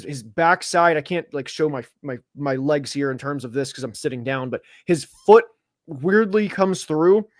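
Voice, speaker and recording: A man hosting a casual football preview stream, talking fast with lots of fillers and getting worked up as he argues his points, seated at a close mic. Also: fairly high pitch, dry recording. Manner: animated, gets worked up, filler-heavy. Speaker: host of a football preview show. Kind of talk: casual sports chat. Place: home studio, seated.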